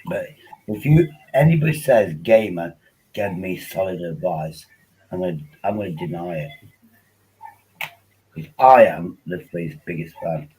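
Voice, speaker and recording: A man's voice: low-pitched, lively intonation, a little slow, pauses often, darkish tone, slightly rough, low-quality recording. A man hosting a casual livestream, rambling and joking while tipsy on wine, often repeating himself. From England. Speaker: livestream host.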